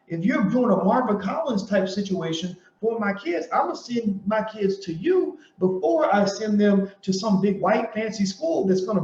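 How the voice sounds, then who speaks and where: A man with a high-pitched voice delivers a passionate commentary, pressing his points again and again and acting out the conversations he retells. The sound is roomy and dull, like a lo-fi recording in an echoey room. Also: darkish tone. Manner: emphatic, repeats points, tells stories with quoted dialogue. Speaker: host and commentator. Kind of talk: impassioned commentary monologue.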